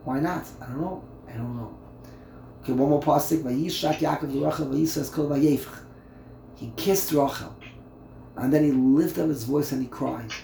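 A man's voice: fairly high pitch, normal speed, gravelly, warm tone, echoey room, slight background noise. A man, a rabbi, teaching a Torah class in a conversational way, asking his listeners rhetorical questions and often repeating words.

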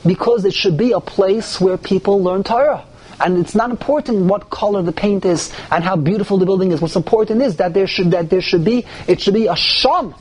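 A man teaching a Torah class to a group, animated, with rising emphasis and many Hebrew terms. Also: sits high, brisk, breathy edge. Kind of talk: lively Torah class with questions.

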